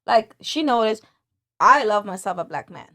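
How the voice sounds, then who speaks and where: A woman in her forties in a casual podcast chat, talking animatedly and quoting people in a raised voice. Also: moderate pace. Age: 40s. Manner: animated, quotes people in a high voice. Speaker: podcast guest.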